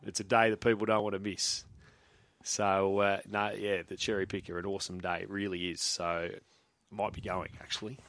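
A man's voice: deep voice, flat delivery, normal speed, fairly bright tone, no echo. Rambling Australian radio host man. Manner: rambling, trailing off with fillers. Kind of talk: casual radio chat.

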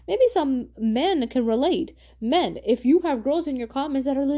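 A young woman hosts a casual advice podcast. She talks in a slangy, emphatic way and repeats her points for stress. Her voice is warm and mellow. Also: sits high, expressive, normal speed, hardly any pauses. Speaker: podcast host.

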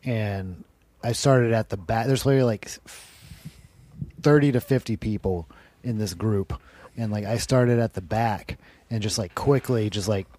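A man talks through a long misadventure in a loose, rambling way, filling every gap with "like" and a bit of swearing. His voice sits a little low. The room is dry and close. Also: moderate pace, dark tone, no room sound. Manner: rambling, heavy use of "like", swearing. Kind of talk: casual storytelling.

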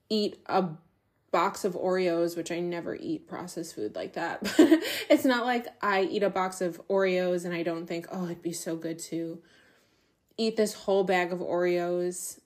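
A woman's voice: mid-range voice, a little mellow. A woman hosts her own podcast alone, talking in a casual, confessional monologue. She laughs often as she talks and swears without hesitation, keeping the tone candid and chatty. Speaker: podcast host.

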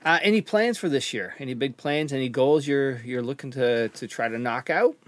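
A man from Connecticut hosts a casual podcast interview in an animated, up-and-down voice. The sound is dry and close, and he keeps things upbeat with quick encouraging replies. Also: mid-range voice, no room sound. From Connecticut, United States. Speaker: podcast host.

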